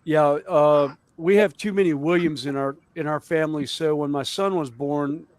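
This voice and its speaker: A man's voice: on the high side, steady tone, moderate pace, darkish tone, no room sound, rough recording. A man telling rambling, jokey stories in a casual chat, with many fillers. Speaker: guest on a hobby livestream.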